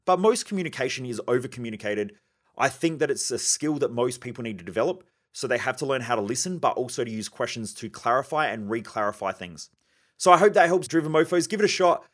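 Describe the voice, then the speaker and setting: Male podcast host, mid pitch, emphatic solo coaching talk. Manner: emphatic, coaching tone with acted-out example dialogues.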